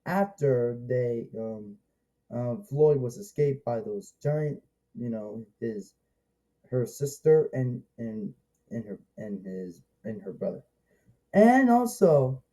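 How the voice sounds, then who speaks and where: Man, casual movie reviewer, slow rambling delivery with lots of restarts, very dark mellow tone. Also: medium pitch, rough recording. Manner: rambling and halting, with many restarts and excited exclamations.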